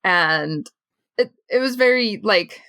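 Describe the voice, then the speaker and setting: A woman's voice: mid-range voice, expressive, takes it slowly, fairly bright tone, no room sound. A woman co-hosting a podcast in casual chat, chatty with many fillers and laughs. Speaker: podcast co-host.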